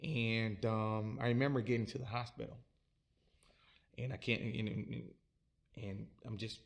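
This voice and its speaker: Guy with a gravelly voice telling his own story, stops and repeats words a lot. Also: fairly low pitch, steady tone. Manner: halting, repeats and restarts words. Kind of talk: personal storytelling.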